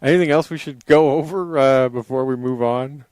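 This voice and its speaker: A male podcast host in relaxed, wry casual chat. His voice is smooth and clear, at an everyday pitch. It is recorded close and dry. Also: normal speed, no echo. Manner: laid-back, wry, introducing the guest.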